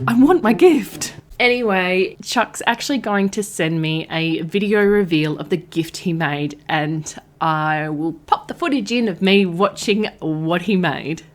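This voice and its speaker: Lively, chatty Australian woman vlogger. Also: medium pitch. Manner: chatty and expressive, laughs often. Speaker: art and craft YouTuber. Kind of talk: casual vlog narration.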